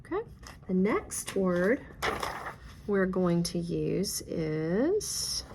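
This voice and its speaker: A woman's voice: on the low side, sing-song, drawn-out words, creaky, background noise. A woman teaching a phonics lesson, guiding learners step by step with patient, encouraging praise.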